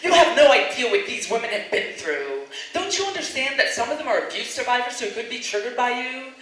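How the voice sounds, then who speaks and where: A woman's voice: fairly high pitch, very animated, brisk, a bit bright, pitched above the performer's own voice. A woman voicing a terse, condescending feminist woman who lashes out. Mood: indignant. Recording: very echoey room.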